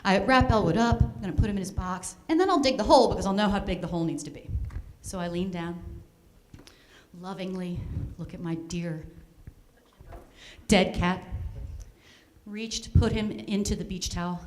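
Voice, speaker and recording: A woman's voice: mid-range voice, moderate pace, slight background noise. A woman on stage at a fundraiser, telling a self-mocking comic story into a microphone with playful drama. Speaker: speaker at a charity fundraiser. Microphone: handheld or stand microphone.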